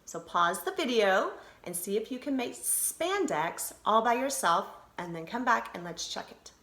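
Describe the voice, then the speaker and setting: Woman, elementary teacher, slow deliberate phonics delivery, animated intonation, roomy recording with faint hiss. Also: mid-range voice. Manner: slow, sounding out syllables and letters. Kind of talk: phonics lesson to children on video. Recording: roomy echo, faint noise.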